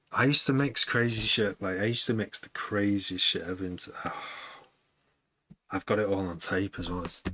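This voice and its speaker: Low-voiced, bright-toned man chatting. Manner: rambling, laughs often, muses aloud. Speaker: music producer streaming to chat. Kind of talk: casual chat with livestream viewers.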